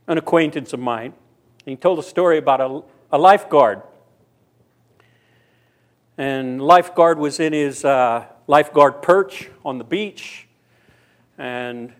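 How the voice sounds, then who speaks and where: Man preaching a storytelling sermon. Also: a little high. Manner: storytelling, voicing characters in quotes. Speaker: pastor.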